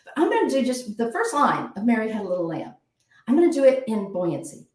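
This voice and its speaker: A woman guest author explaining ideas in an animated, expressive way, often checking in with "right?". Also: on the high side, quick pace, echoey room, far from the mic. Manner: animated, acts out phrases, keeps asking "right?".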